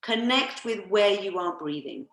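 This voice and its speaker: A woman massage therapist leads a workshop on a video call, calmly coaching listeners through guided breathing. Her voice is medium-pitched and unhurried, and the audio is reverberant and poor.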